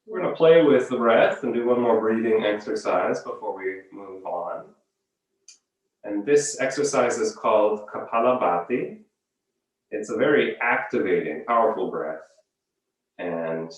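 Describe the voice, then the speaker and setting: A man leading a guided breathing exercise as a yoga teacher, giving calm, unhurried step-by-step cues. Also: fairly low pitch. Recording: very echoey room, voice from far off.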